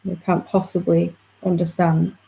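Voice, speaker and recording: Gravelly low-voiced woman teacher. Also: level tone, measured pace. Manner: gentle, reflective, explaining patiently. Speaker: spiritual teacher. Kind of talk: satsang dialogue. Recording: dull lo-fi audio.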